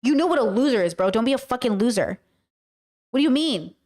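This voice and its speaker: A woman ranting heatedly to her live chat while reacting to a clip, swearing freely. Her voice sits a little high. She fires questions and talks back to her viewers. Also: animated, fast talker, darkish tone. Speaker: commentary host.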